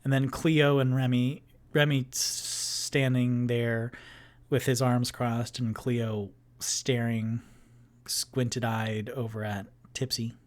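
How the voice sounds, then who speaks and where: A man narrating as game master of a solo tabletop game, describing scenes in an unhurried way with many fillers. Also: mid-range voice, little pitch movement.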